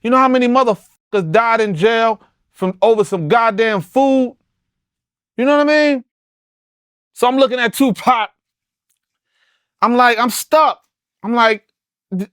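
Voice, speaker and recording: A man's voice: extremely high pitch, unhurried, long pauses, fairly bright tone, no room sound, clean studio sound. A middle-aged man telling a long story as an interview guest, profane and emphatic, often restarting his sentences. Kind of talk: animated storytelling.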